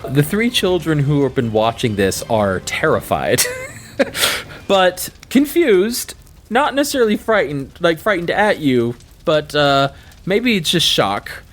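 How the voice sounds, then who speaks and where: A man's voice: a little high, slow, slight background noise. Guy running a tabletop game, bouncy up and down voice, lots of "like" and "uh". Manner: animated, laughing, loose with fillers. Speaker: game master.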